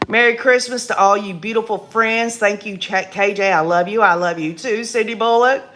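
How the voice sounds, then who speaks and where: An older woman with a raspy voice, hosting a casual live stream in a folksy, chatty way and reading viewer comments aloud. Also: medium pitch, background noise. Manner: slow, folksy and chatty, laughing often.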